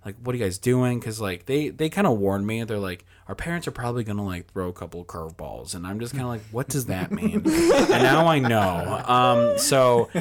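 A young man appearing as a podcast guest tells a long, casual, rambling story, talking fast with few pauses in an expressive voice on the low side. He leans heavily on fillers like "like," acts out what people said, and swears freely.

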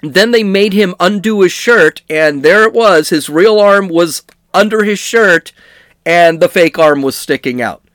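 A man's voice: high voice, unhurried, fairly bright tone, no room sound, clean studio sound. A middle-aged man hosting a podcast, reading news stories and riffing on them with wry, sarcastic asides. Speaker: podcast host. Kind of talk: comedic news commentary.

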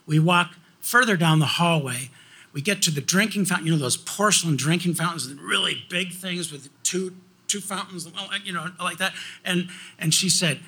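Bright, husky man telling his story. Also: high voice, moderate pace. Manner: animated, laughing, with many restarts. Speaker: speaker telling a personal faith story. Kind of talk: personal storytelling.

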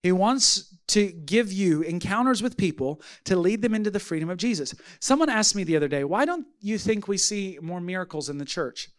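A man preaching a sermon as pastor, telling a story with lively acted-out voices. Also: high voice, moderate pace, hardly any pauses. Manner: animated storytelling, acting out voices.

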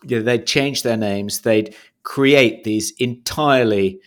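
A man co-hosting a podcast in casual chat. He speaks in a measured, hesitant way, with many "um"s and "you know"s, and trails off quietly. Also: medium pitch. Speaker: podcast co-host.

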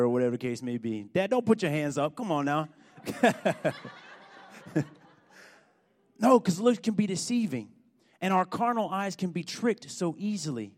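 A man preaching a sermon, telling a story with animated, emphatic build-ups. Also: high-pitched. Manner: animated storytelling, rising to loud emphatic points.

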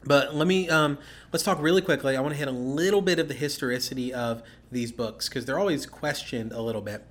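A man's voice: mid-range voice, fairly quick. Man explaining scripture to a co-host. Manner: explanatory, steady, with frequent "okay?" checks. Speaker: podcast co-host. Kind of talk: casual Bible-teaching chat.

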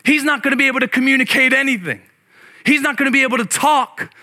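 A man preaching a sermon to a congregation, conversational, often restarting his words and shifting between loud exclaiming and hushed reflection. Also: very high voice, fast talker, creaky. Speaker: pastor.

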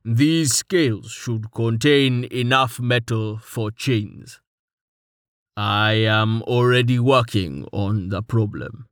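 A male narrator voicing a practical male crafter who speaks slowly and matter-of-factly. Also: medium pitch, a bit bright, no echo, studio quality.

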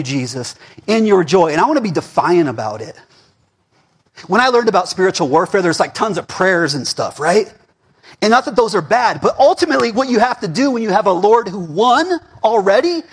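Husky male pastor, preaches with wide swings from loud to hushed. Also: high voice. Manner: animated, swings between shouting and murmuring. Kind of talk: sermon. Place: church.

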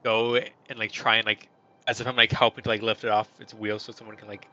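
A male player with a low but bright, forceful tone asks tentative questions, filling them with "like". His recording is dull and lo-fi. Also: little pitch movement, a little fast. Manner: tentative, lots of "like". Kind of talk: casual tabletop play.

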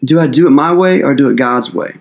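A man's voice: mid-range voice, expressive, fairly quick, gravelly. A man preaching as pastor in a conversational sermon, earnest and casual, with loose phrasing and plenty of fillers.

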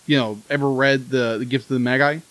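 A man co-hosting a casual review chat, easygoing and halting, laughing often. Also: medium pitch, steady tone, a bit bright, no echo, poor audio. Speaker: podcast co-host.

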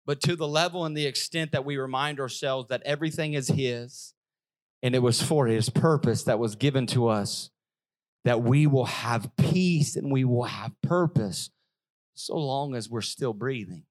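A male pastor preaching a sermon with emphatic delivery, repeating phrases and swinging from loud, raised lines to soft, quiet ones. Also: medium pitch, moderate pace. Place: church service.

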